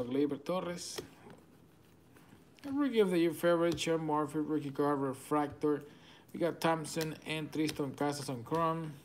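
A man's voice: a little high, slight background noise. A man with a Venezuelan Spanish accent, hosting a card break and rattling off names as he opens packs. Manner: rapid-fire listing of cards, excitable, chuckling. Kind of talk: live card-opening commentary.

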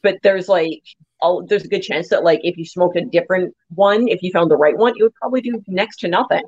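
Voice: mid-range voice, fairly quick, a little mellow, husky, dry recording, highs cut off. A podcast co-host in casual chat, explaining things at length.

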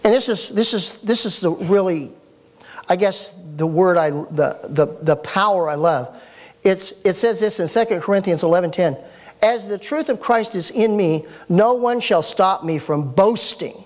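Pastor, middle-aged man, animated sermon, folksy jokes, church sermon. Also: sits high, moderate pace. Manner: animated, folksy preaching with joking asides.

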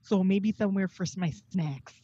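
A woman's voice: medium pitch, normal speed, dark tone, husky, no echo, close to an everyday voice. Woman doing a gushing older superfan, stammering, dull lo-fi call audio, dry. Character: eccentric older female superfan, gushing and scatterbrained. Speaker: comedian interviewer. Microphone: video call.

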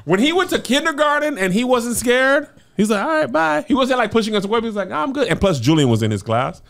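A man's voice: very high-pitched, quick pace, gravelly. A middle-aged man co-hosting a casual comedic chat, telling family stories with playful exaggeration. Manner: animated storytelling, playful exaggeration. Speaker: podcast co-host.

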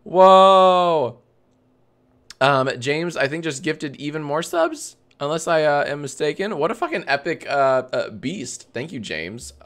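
A man's voice: fairly high pitch, expressive, normal speed, few pauses, a bit bright. A man hosting a casual live stream, reading viewer comments aloud, swearing freely and often breaking into laughter. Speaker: livestream host.

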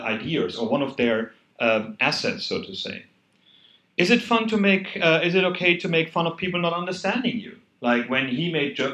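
A man's voice: medium pitch, a bit bright. A man with a German accent delivers an earnest, conversational talk to an audience, pressing on points with sudden emphasis. His voice sits in a middle register. The room is echoey, like a hall at an event. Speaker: conference speaker. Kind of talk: conference talk.

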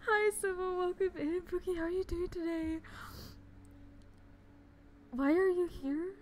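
A woman's voice: extremely high pitch, normal speed, long pauses, slight background noise. A woman streamer chatting casually on a live stream, gushing and giggling as she greets her viewers.

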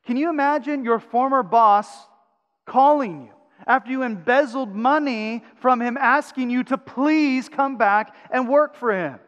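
A high-voiced male pastor preaching in a church sanctuary, his words trailing into a long hall reverb. He swings between loud, urgent pleading and quiet, intimate passages. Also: unhurried, lo-fi sound. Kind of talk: sermon.

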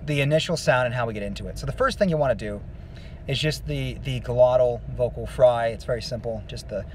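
A man explains singing technique in a loose, rambling way, his voice sitting at an ordinary middle pitch. Faint noise hums behind him as he talks through his lesson. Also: fairly quick. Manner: relaxed, rambling explanation with many fillers. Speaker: vocal coach. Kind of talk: casual singing lesson with demonstrations.

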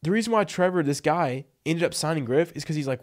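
Blunt, slightly high-pitched man coaching. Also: lively intonation, fast, few pauses. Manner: blunt, emphatic, peppered with "like" and "right?". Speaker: freelance copywriting coach. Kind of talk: casual instructional vlog.

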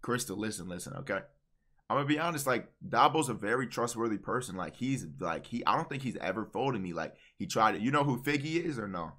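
A young man hosting a casual livestream chat, animated and teasing, cutting in with quick repeated words. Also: medium pitch. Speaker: streamer host.

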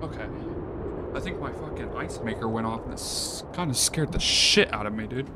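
A man giving casual, profane, excitable commentary while playing a video game. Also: medium pitch, moderate pace, very noisy. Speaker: let's play gamer. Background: game music.

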